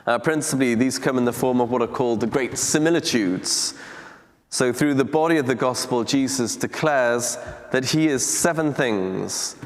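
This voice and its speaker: Measured preacher man in a reverberant church. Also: medium pitch. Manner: measured, deliberate delivery with reflective pauses. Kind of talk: teaching talk on scripture.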